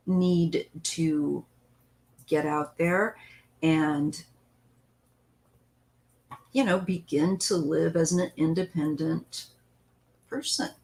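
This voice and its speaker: A woman's voice: on the low side, rough recording. A woman hosting a live tarot stream who chats loosely, greets viewers by name and wanders between thoughts while reading the cards. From western United States.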